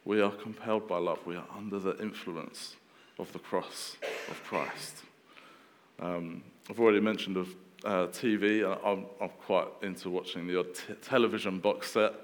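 A man in his thirties preaching a sermon in a relaxed, conversational way, with fillers and restarts. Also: low-pitched, brisk, few pauses, long reverb tail.

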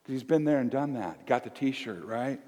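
A man's voice: medium pitch, expressive, normal speed, warm tone, in a large hall. A man in his fifties preaching as a pastor, folksy and emphatic, asking one question after another. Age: 50s. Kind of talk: sermon. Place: church.

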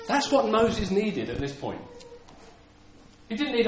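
A man gives a sermon, earnest and a touch high in pitch. He stumbles and repeats words as he builds his points and acts out the lines he quotes. The room is roomy and echoey, with faint ambience behind him. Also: sing-song, measured pace, pauses often, background noise. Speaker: preacher.

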